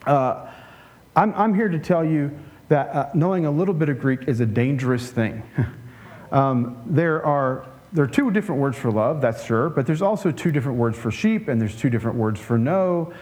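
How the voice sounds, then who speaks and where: A man preaching a conversational sermon in a relaxed way, with joking asides and frequent restarts. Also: mid-range voice, moderate pace. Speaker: pastor.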